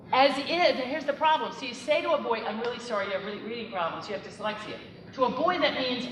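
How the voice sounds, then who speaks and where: A woman's voice: fairly high pitch, a bit bright, a little hiss or hum. A middle-aged woman, a psychologist, giving a conversational, emphatic lecture to teachers and speaking directly to the audience. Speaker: psychologist and presenter. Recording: echoey room, voice from far off.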